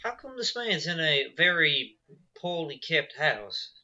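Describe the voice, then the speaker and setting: A man takes part in a tabletop game, his voice sharp and very bright, dropping into a folksy drawl for his character. His mic sounds muffled and lo-fi. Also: fairly high pitch, big pitch swings, slow. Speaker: player. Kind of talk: tabletop role-play. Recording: dull lo-fi mic.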